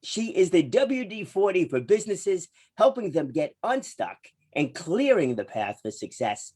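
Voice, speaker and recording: A man's voice: high voice, big pitch swings, a little slow, hardly any pauses, darkish tone, slightly rough. A man hosting an interview show, talking in a chatty, rambling way and laughing easily. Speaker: podcast host.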